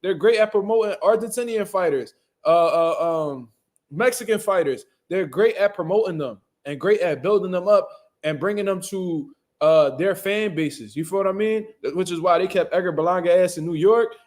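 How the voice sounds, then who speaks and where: A man with a fairly high voice rants in casual, unscripted commentary. He talks bluntly, swears freely and packs his talk with slang. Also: normal speed, darkish tone. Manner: blunt, profane, ranting, heavy slang. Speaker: boxing commentary channel host.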